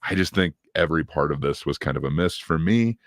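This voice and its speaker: Very deep-voiced man, hesitant film chat. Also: lively intonation, fairly quick, no room sound, clean studio sound. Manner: rambling, hesitant, many fillers and restarts. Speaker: podcast co-host reviewing films. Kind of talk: casual film review chat.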